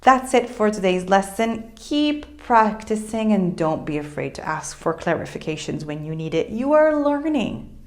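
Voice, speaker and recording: Woman teaching a lively language lesson. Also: medium pitch, moderate pace. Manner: clear, explanatory, models Italian phrases with lively intonation. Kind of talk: friendly online language lesson.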